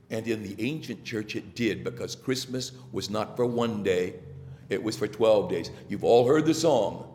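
A man preaching a sermon, halting and repeating himself now and then, with a slow, musing delivery. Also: on the low side, a little mellow. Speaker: priest. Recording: long hall reverb.

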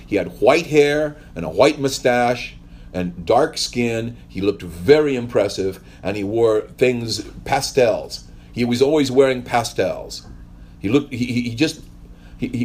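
Husky-voiced man preaching a rambling sermon. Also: medium pitch, darkish tone. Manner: rambling, storytelling with wry asides. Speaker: pastor. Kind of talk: conversational sermon.

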